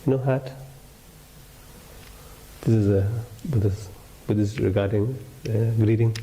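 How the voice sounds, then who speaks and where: A man whose first language is Tibetan gives a gentle dharma talk as a meditation teacher, in simple broken English. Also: fairly low pitch, steady tone, unhurried, pauses often, a little hiss or hum, rough recording.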